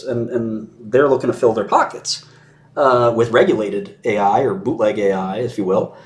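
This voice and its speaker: A man's voice: mid-range voice, animated, normal speed. A man in a casual conversation who talks in an opinionated and sarcastic way, chuckling mid-sentence and mimicking others in mocking voices.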